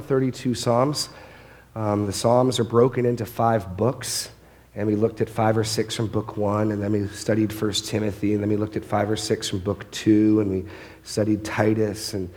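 A man's voice: mid-range voice, darkish tone. A man preaching a sermon as pastor, earnest, often restarting and repeating words as he goes.

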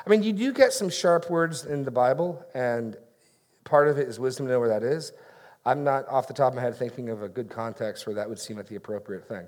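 A man's voice: medium pitch, fairly quick, a little mellow. A middle-aged man, a pastor, preaching in a conversational way and acting out bits of dialogue. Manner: conversational, self-deprecating, acts out dialogue. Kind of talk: sermon with audience Q&A.

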